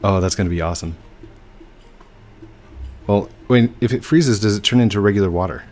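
A man's voice: lowish voice, brisk, darkish tone, soft background music. A man hosting a gaming video, chatting casually and playfully with a teammate over voice chat, laughing often.

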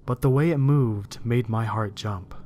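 A man's voice: mid-range voice, soft background music. Man narrating a horror story. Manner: steady, measured storytelling reading.

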